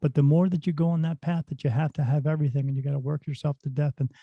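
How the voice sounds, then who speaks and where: A middle-aged man, a spirit medium guest on a podcast, telling stories in a lively, casual way. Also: fairly high pitch, rapid-fire, no echo. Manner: animated storyteller who acts out dialogue. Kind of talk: casual storytelling in a podcast interview. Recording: dull, dry lo-fi sound.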